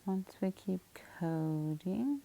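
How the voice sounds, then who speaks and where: A middle-aged woman teacher leads a spelling lesson in a patient, methodical way, sounding out each step. Her voice sits low and is heavily gravelly, with a mellow, dark tone. She speaks at an unhurried pace. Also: lively intonation, rough recording.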